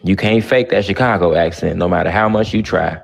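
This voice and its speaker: A man's voice: deep voice, brisk, vocal fry. Blunt, profane male streamer. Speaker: livestream host. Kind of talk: heated casual talk.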